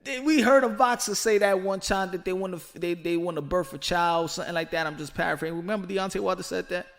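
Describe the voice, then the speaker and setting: A man giving casual, animated boxing commentary in slangy speech, repeating words as he gets worked up. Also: high-pitched, quick pace, creaky, soft background music.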